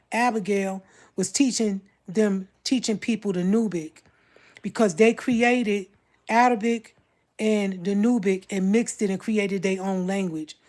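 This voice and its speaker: A woman's voice: medium pitch, darkish tone. A woman from Brooklyn with a Brooklyn accent, talking bluntly and confrontationally on a casual livestream. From Brooklyn, New York.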